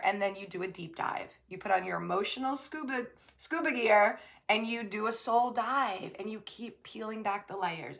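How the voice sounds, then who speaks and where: A woman's voice: fairly high pitch, moderate pace, creaky. A woman spiritual coach giving a casual motivational talk to camera, chatty and emphatic, full of fillers and tag questions, calling the listener babe. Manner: many fillers and tag questions, swinging between loud bursts and soft asides.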